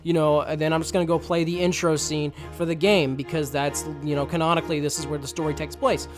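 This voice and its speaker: A man voicing a gloating evil male dragon villain, shouting and drawing out his words. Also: on the high side, flat delivery, fast, over music, voice pushed down, close to an everyday voice. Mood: bored.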